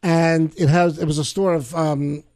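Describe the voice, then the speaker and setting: A man hosting a podcast in casual chat, telling stories in an animated, exasperated way into a close mic. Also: on the high side, moderate pace, no echo. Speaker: podcast host.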